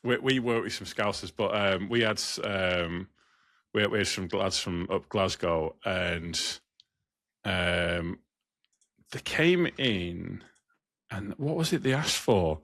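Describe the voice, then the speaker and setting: A man co-hosting a podcast, telling stories with animated exasperation in a fairly low voice. His tone is bright and forceful. The close mic gives a dry, dead sound. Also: slow pace, no echo. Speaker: podcast co-host, truck driver. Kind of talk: casual podcast chat.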